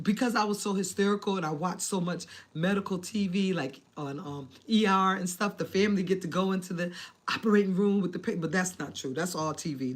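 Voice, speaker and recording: A woman vlogger telling a personal story to her viewers, animated and dramatic, acting out the people in it and chatting casually to her audience. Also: on the low side. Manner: animated, dramatic retelling with acted quotes and asides to viewers; addresses viewers as family, casual slang. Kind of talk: emotional storytelling to camera.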